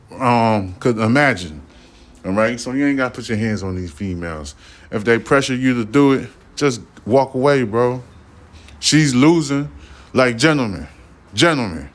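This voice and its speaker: A man hosting a podcast, reading news items and giving loose, profane commentary. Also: medium pitch. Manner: loose, profane, acts out imagined dialogue. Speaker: podcast host.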